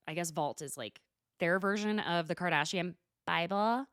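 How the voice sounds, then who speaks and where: A woman's voice: lowish voice, normal speed, a bit bright, no echo, studio quality. A woman hosting a podcast, recapping a reality show in a gossipy, casual way with laughs and swearing. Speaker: podcast host.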